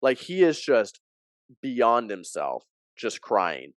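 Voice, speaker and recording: A man with a smooth, resonant voice tells a story as a guest in an interview. He is an athletic director and talks in an animated way, playing out what others said. The sound is dry and close. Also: mid-range voice, takes it slowly, dry recording. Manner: animated storyteller who acts out quoted dialogue.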